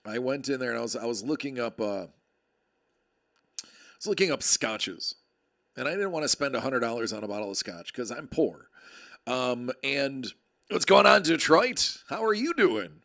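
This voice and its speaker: A man's voice: mid-range voice, expressive, moderate pace, pauses often, fairly bright tone. A man hosting a card break livestream, chatting casually and joking with viewers in a rambling way. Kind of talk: casual chat.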